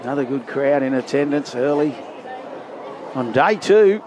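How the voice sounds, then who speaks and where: A man's voice: expressive, a little slow. A man commenting live on a rugby league game at an outdoor ground, lifting his voice for big plays. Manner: lifts pitch and volume in big plays. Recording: loud crowd and outdoor noise. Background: crowd and outdoor ambience.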